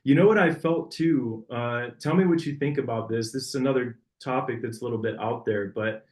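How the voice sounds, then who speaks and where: A man's voice: medium pitch, brisk, darkish tone, reverberant. A man hosting an interview as a dating coach, talking loosely with fillers and restarts. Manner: loose, searching phrasing with filler words. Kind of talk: casual interview chat.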